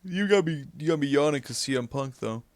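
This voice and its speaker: A man's voice: fairly high pitch, lively intonation, a little fast, no room sound. A man co-hosting a casual wrestling podcast, tired and cursing as he rants. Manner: profane ranting, swings from mumbling to shouting. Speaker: podcast co-host.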